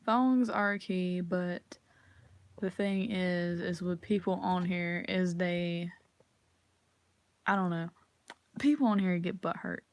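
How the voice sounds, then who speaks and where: A woman's voice: lowish voice, slow, pauses often, no room sound. A woman ranting casually to camera, swearing freely and acting out the people in her stories. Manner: profane, animated storytelling, acts out quotes. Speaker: vlogger.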